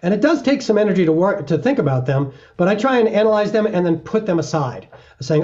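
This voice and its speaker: A man's voice: high voice, lively intonation, fast, mellow. Earnest man with a dull lo-fi sound. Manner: earnest, explains with acted-out examples. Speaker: mountaineer guest. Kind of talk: reflective interview talk.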